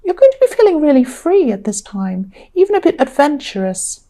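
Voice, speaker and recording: Tired, croaky woman reading tarot. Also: sits high, big pitch swings, fairly quick. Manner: gentle, reassuring, repeats "I'm seeing" with frequent ums. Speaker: tarot reader. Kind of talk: solo tarot reading to camera.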